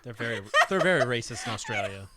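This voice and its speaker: A man co-hosting a podcast in casual chat, delivering dry, deadpan one-liners. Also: medium pitch, fast talker, a loud crowd. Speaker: podcast co-host.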